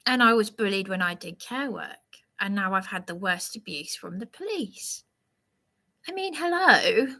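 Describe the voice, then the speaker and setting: A woman rambling through a live monologue, preaching and sounding aggrieved as she answers a commenter in a slow, halting way. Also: mid-range voice, expressive, sharp tone.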